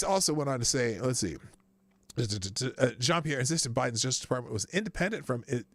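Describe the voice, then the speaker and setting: A man's voice: medium pitch, vocal fry, fairly bright tone, dry recording. A man hosting a live news commentary show, talking in a sarcastic, rambling way with frequent swearing and restarts.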